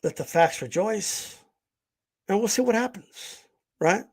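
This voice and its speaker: A man hosting a boxing channel livestream goes on a blunt, profane, confrontational rant. He sounds high-pitched and animated, speaking a little slowly with a breathy edge.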